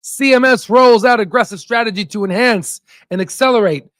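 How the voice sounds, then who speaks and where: A man hosting a casual stock investing livestream, joking and hyping, with sudden shouted bursts and constant "right?" asides. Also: very high-pitched, a little fast, dry recording.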